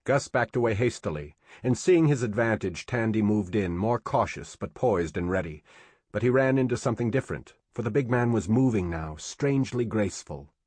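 Man, very deep voice, dry close sound, steady audiobook narration. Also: slightly rough, dry recording. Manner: steady, measured storytelling.

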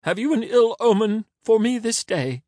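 A man's voice: expressive, moderate pace, mellow, dry recording. A man voicing a pathetic, envious, weepy Caesar who pleads and sobs. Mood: shrill wailing. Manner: shrill, pleading and sobbing. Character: whining, envious, weepy male Caesar, a pathetic dream figure.

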